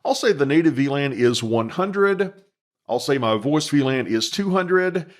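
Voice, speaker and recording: Male instructor, mid-pitched, methodical, dictates code for a screen-recorded tutorial. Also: expressive, measured pace.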